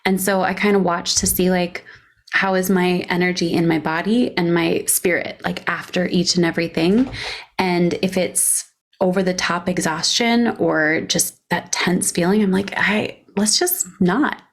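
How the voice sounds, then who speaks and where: A woman guest talks openly about her work and life in a casual interview. She speaks frankly and laughs easily between thoughts. Her voice is a little lower than most women's. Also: steady tone, moderate pace. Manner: candid, laughs often, frank. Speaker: guest entrepreneur.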